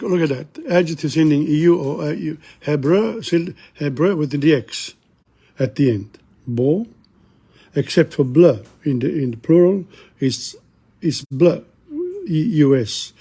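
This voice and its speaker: Older male teacher, gravelly, husky, a little high-pitched, repeats words for practice, opinionated asides. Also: measured pace, warm tone. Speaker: language teacher. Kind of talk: informal video lesson. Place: bookshop.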